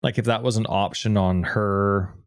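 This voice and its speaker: A Canadian man with a fairly low voice chats on a gaming podcast, playful and rambling as he jumps between topics. His close, dry microphone sound has almost no room in it. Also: steady tone, no room sound. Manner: playful, rambling, quick to laugh. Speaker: podcast co-host. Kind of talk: casual gaming podcast chat.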